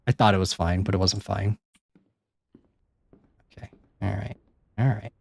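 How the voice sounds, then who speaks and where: A man's voice: fairly low pitch, very animated, measured pace, long pauses, a little mellow, slight background noise. Jumpy, swearing male game streamer. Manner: jumpy, swears often, chats to viewers. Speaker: streamer playing a horror game. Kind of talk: live gameplay commentary.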